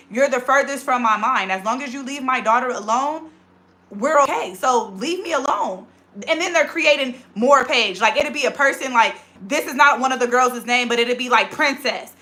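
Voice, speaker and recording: A woman in her thirties hosting a casual livestream on her phone, chatting quickly as she reads out viewer comments. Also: high voice, pushed and bright. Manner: very fast, rapid-fire talker. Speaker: livestream host.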